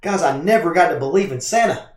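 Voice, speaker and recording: A man's voice: a little high, fast talker. Upbeat man with a roomy echo. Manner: lively storyteller, laughs often. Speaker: streamer host. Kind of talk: casual family chat.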